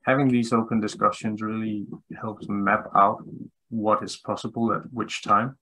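A man's voice: fairly low pitch, little pitch movement, moderate pace, sharp tone, husky, poor audio. A man speaking as a guest specialist on a webinar call, thoughtful, with many fillers and restarts. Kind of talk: webinar discussion.

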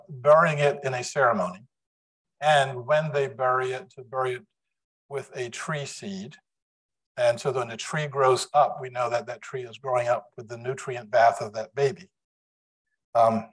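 Slow, deliberate man giving a lecture. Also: mid-range voice, slightly rough, poor audio. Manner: slow, deliberate delivery with frequent restarts. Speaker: guest lecturer. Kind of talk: public lecture. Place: lecture room with a live audience.

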